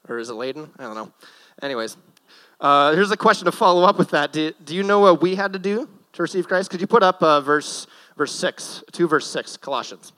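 A young man preaching on a church stage in a loose, conversational way, his voice sitting a little high for a man. He cracks jokes at his own expense and slips in nervous asides between points. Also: expressive, brisk, a bit bright, rough recording. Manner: joking, self-deprecating, nervous asides. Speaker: guest preacher. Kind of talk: casual sermon.

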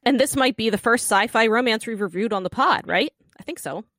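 A woman's voice: a little high, brisk, a bit bright, no room sound. A woman co-hosting a podcast, playfully reading a prepared show intro with jokes. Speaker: podcast co-host. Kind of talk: casual chat and read review intro.

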